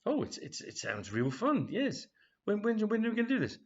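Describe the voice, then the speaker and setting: A man doing an excitable high-voiced lady friend. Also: slightly rough, exaggerated voice. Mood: excited. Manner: rushed, stammering excitement. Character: excitable chatty woman friend. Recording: dull, lo-fi home recording.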